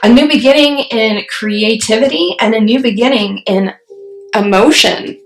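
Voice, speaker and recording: A woman giving a solo tarot reading, musing aloud and pausing to put questions to spirit as she turns the cards. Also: fairly high pitch, slight background noise. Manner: slow, musing, talks to spirit mid-reading. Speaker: tarot reader. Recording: roomy echo.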